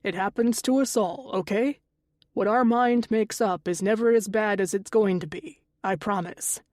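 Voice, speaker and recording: A calm father figure who lays down rules patiently and evenly, strict underneath, read by a woman narrator. Her voice stays close to her own, in a dry, close recording. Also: mid-range voice, moderate pace, dry recording, lightly acted. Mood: reassuring. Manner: patient, lecturing, gently firm. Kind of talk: audiobook character voice.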